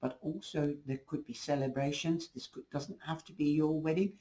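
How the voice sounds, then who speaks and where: A man's voice: fairly high pitch, fairly even intonation, normal speed, mellow, low-quality recording. A man giving a casual, rambling tarot reading to camera, losing his voice. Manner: rambling, reassuring, restarts often. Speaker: tarot reader.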